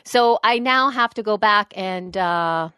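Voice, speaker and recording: A woman's voice: mid-range voice, slow pace, bright, forceful tone, smooth, no echo, studio quality. A woman co-hosting a podcast, chatting casually, rambling and correcting herself as she goes. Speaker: podcast co-host. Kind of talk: casual chat.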